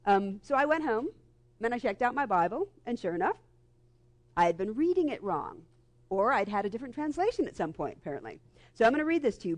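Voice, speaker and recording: A guest minister, a woman with a higher voice, preaches fairly quickly in a lively, conversational way, acting out quoted voices. Her sermon mixes in storytelling and is delivered on a live microphone before a congregation in a church sanctuary.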